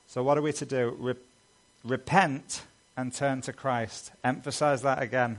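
A man's voice: mid-range voice, fairly even intonation, unhurried. A man preaching a sermon as a pastor, earnest and emphatic, building lists of repeated phrases.

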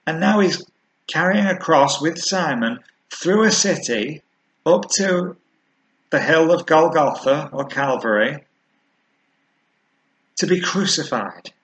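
A man preaching a sermon, earnest and measured, slowing down to stress key words. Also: fairly high pitch, animated, fairly bright tone, low-quality recording.

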